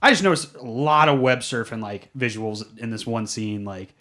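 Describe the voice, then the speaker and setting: A man's voice: mid-range voice, normal speed, pushed and bright. A man co-hosting a podcast, casually recapping a movie scene by scene and filling his talk with "like". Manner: rambling, fills with "like". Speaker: podcast co-host.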